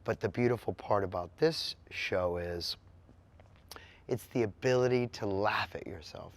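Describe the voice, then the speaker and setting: A man's voice: fairly low pitch, unhurried. A middle-aged man, a musician, answering interview questions bluntly and with animation. He swears now and then and mimics sounds with his voice.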